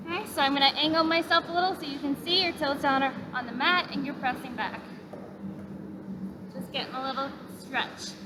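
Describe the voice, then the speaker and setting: A young woman with a bright, high voice leads a gentle yoga class outdoors, calmly cueing each breath and stretch with steady encouragement. Traffic and open-air noise sit clearly behind her. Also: a little fast. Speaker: yoga instructor. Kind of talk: guided yoga class instruction. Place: outdoors in a park.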